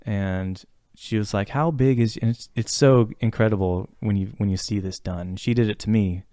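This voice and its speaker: Male podcast co-host, lowish voice, dry close sound; earnest, rambling delivery with frequent fillers. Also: normal speed, warm tone, dry recording. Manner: rambling, many fillers and restarts; earnest and reflective. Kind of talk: casual podcast conversation.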